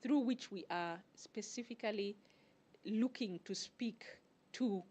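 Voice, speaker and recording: A woman gives a guest interview at an even, mid-range pitch. She explains things step by step in a measured way and often pauses to find her words. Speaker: guest, networking group organizer. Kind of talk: interview answers.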